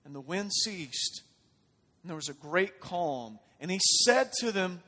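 Impassioned high-voiced preacher in a big hall. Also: male voice, animated, measured pace. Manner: swings from quiet and conversational to loud and impassioned. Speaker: pastor. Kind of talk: sermon. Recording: long reverb of a large hall.

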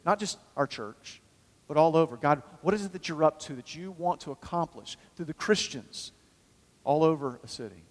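Male pastor, sermon delivery, higher voice, big fervent swells and hushed asides, hall reverb. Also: lively intonation, moderate pace. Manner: swings from loud fervent calls to quiet low asides.

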